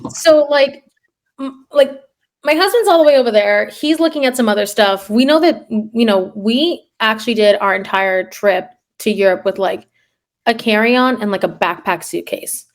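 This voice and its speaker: A woman's voice: on the high side, moderate pace. Podcast guest, female, casual storyteller; lots of "like", acts out her own lines. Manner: animated storyteller, filler-heavy, quotes herself. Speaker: guest, third grade teacher. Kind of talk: casual chat, personal storytelling.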